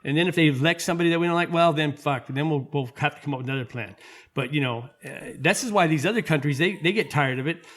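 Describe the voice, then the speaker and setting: A man's voice: fairly high pitch, quick pace, fairly bright tone. A man hosting a podcast, ranting in a heated, profane way and often restarting his sentences. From United States. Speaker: podcast host. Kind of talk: casual political rant.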